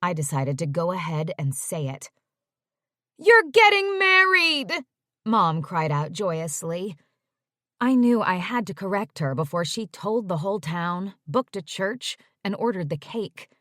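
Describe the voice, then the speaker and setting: A woman narrating a first-person romance audiobook in a measured storytelling voice. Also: on the low side, no echo, studio quality.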